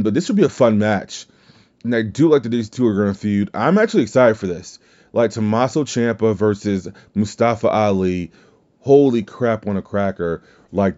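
Muffled recording captures a man's lowish, dark-toned voice carrying a Southern US drawl. Hosting his own podcast solo, he talks casually, wandering off course and fixing his own words along the way.

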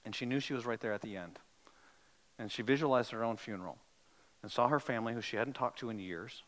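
A pastor preaching a sermon, swinging from loud emphatic passages to hushed storytelling and asking his listeners direct questions. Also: mid-range voice, fast, low-quality recording. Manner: asks the congregation direct questions.

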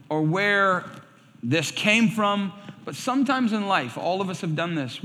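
A man's voice: sits high, fairly bright tone. A male pastor preaching a sermon, telling stories animatedly and acting out quoted voices. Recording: reverberant hall sound.

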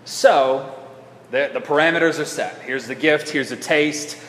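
A pastor preaches a sermon in a church sanctuary, speaking conversationally and often restarting his sentences. His voice is on the high side and fairly bright, and he keeps a measured pace. The hall gives the recording an echo.

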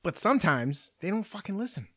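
Young guy, podcast host, sweary rants, lively swinging pitch, slightly high voice. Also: fairly quick. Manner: profane, animated storytelling rant. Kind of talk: casual ranting chat.

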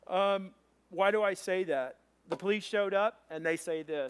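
A man preaching a sermon as pastor, telling a story in an animated way with quoted voices. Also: high-pitched, normal speed.

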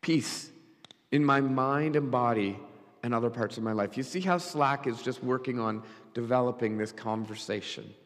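A middle-aged pastor preaching a sermon, telling stories and swinging between loud emphatic lines and quick low asides. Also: male voice. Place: church. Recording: church hall with long reverb.

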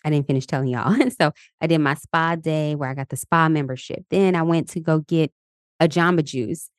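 A woman's voice: low-pitched, steady tone, moderate pace, clear, resonant tone, no room sound, clean studio sound. A woman in her thirties hosting a casual motivational podcast, chatty and upbeat, laughing often and leading affirmations. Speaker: podcast host. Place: Los Angeles.

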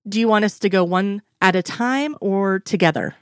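A woman voicing a playful, energetic female agent who coaxes and teases in a sing-song way, in an audiobook reading. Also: medium pitch, moderate pace, no echo, studio quality, lightly acted. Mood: eager. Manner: coaxing, sing-song teasing.

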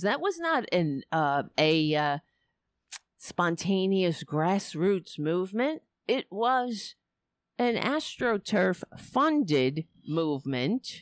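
A low-voiced woman runs a political livestream from her home setup, bluntly ranting and cursing at her chat in exasperation. Despite the cheap microphone and headphones, the recording is dry and studio quality.

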